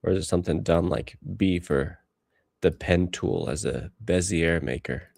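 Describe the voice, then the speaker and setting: A man's voice: low voice, moderate pace, creaky, a little mellow, no room sound. A man in his thirties streaming live as he edits photos, rambling and talking to himself while he works. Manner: rambling self-talk, musing aloud. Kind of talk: casual livestream commentary while working.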